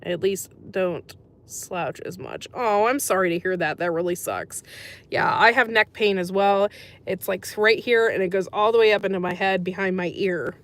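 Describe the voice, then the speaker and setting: With a mid-range, fairly bright voice at a moderate pace, this American woman runs a relaxed livestream. She chats sympathetically with her audience, reads their comments out loud, and says um a lot.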